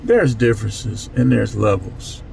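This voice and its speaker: A man's voice: lowish voice, measured pace, creaky, a little mellow, a little hiss or hum, rough recording. A man talking casually to his channel in a loose, repetitive street-talk way. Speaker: channel host. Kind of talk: casual monologue vlog.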